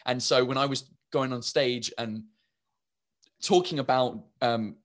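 An English man in his thirties talks loosely, starting over and filling gaps as he goes. His voice sits at an ordinary middle pitch. He comes across as a comedian telling stories in a relaxed interview. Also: a little slow. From England. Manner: rambling, many restarts and fillers. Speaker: stand-up comedian, guest. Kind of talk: casual interview chat.

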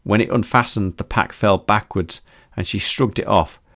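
A man narrating an audiobook in a steady, measured storytelling manner. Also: fairly low pitch, no room sound, studio quality. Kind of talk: scripted narration.

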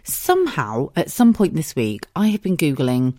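A woman's voice: low-pitched, big pitch swings, moderate pace, darkish tone, no room sound, studio quality. An English woman in her thirties hosting a casual solo podcast, chatty and giggly, swearing freely. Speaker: podcast host.

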